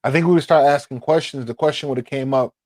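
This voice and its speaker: A man co-hosting a podcast, a father giving advice in casual chat, thoughtful and halting with many fillers. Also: mid-range voice, fairly even intonation, a little mellow, no room sound.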